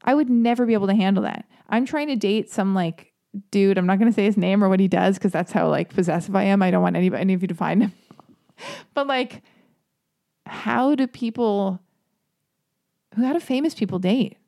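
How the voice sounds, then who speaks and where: A woman's voice: mid-range voice, brisk, gravelly, warm tone, dry recording, studio quality. A young woman in a confessional monologue, chatty and self-mocking, with lots of restarts and asides.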